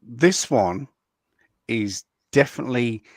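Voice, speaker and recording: A man co-hosting a casual online chat, animated and prone to stammered restarts. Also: medium pitch, takes it slowly, no room sound.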